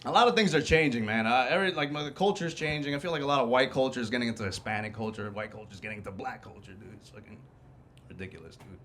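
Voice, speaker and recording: A man's voice: mid-range voice, very fast, fairly bright tone. A man hosting a comedy show, doing a casual, profane stand-up set on a club stage. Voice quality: casual, profane, laid-back delivery.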